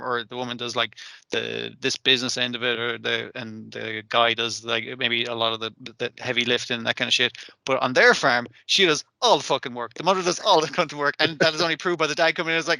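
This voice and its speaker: Bright, sweary podcast co-host. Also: male voice, medium pitch, fast, vocal fry, no echo. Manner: sweary, animated retelling with quoted voices. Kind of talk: casual chat. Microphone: remote call mic.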